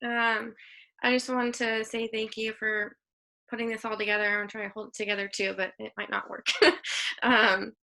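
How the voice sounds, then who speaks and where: A woman's voice: a little high, level tone, moderate pace, vocal fry, pushed and bright. A woman in her thirties on a video call, sharing memories at a memorial and laughing through her tears.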